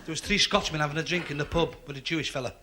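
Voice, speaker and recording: Liverpool guy doing stand-up jokes, higher voice, hissy old club tape, audience laughing. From Liverpool, England. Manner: brisk joke telling, voices stuttering characters. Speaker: stand-up comedian. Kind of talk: stand-up joke telling.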